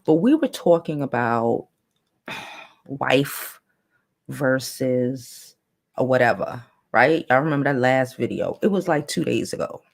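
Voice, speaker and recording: Brief: hoarse, raspy-edged woman, loose playful livestream chat. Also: rumbling low, lively intonation, unhurried. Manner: playful, chatty, trailing off and restarting. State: hoarse, losing her voice. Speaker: livestream host.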